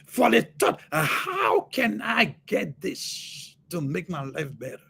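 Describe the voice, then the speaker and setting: A man preaching on a livestream as a motivational speaker, fervent, repeating words and bursting into shouts. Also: high-pitched, wildly swooping pitch, takes it slowly, creaky, breathy edge.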